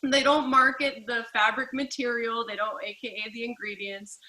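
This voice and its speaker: A woman giving a casual team training talk, chatty and lively, acting out little dialogues. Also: on the high side, moderate pace, poor audio.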